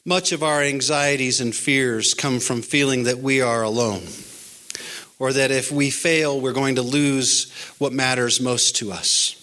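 A man's voice: medium pitch, fairly even intonation, unhurried, pushed and bright. A man delivering an earnest, encouraging sermon as a pastor, quoting scripture along the way. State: pandemic-era address.

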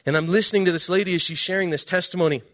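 A man preaching a sermon, telling a story with emphatic swings between loud and hushed delivery. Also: high voice, steady tone, very fast. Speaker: pastor.

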